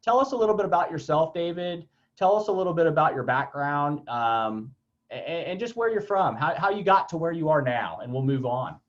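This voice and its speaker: A man hosting a podcast, speaking casually and haltingly, with many restarts and an agreeable manner. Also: a little high, expressive. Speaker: podcast host. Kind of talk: casual interview talk. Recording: dull lo-fi sound.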